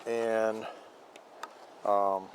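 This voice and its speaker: A man filming a casual how-to vlog about his scooter, rambling and halting with lots of fillers. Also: lowish voice, flat delivery, a little hiss or hum, poor audio. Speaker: vlogger showing a scooter horn install.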